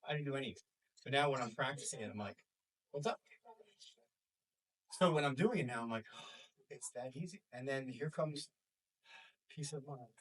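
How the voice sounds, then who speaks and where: A man's voice: medium pitch, fairly quick, pauses often. A man in his forties from New York with a New York accent, a school counselor talking to a small group and acting out quoted voices. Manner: animated, acts out quoted voices. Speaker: school counselor and life coach. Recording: voice from far off the mic.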